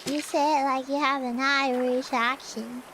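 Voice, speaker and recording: A woman chats casually on stream in a very high, squeaky voice, taking her time over every phrase. She rambles playfully, leans on "you know" and "like", and coughs now and then. A steady hiss of noise sits under her home microphone. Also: unhurried, rough recording. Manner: coughs often between phrases. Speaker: virtual streamer. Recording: clear background noise.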